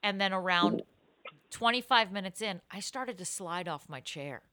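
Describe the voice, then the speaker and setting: A woman co-hosting a podcast, telling animated, self-mocking stories in casual chat. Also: lowish voice, moderate pace, dry recording. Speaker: podcast co-host.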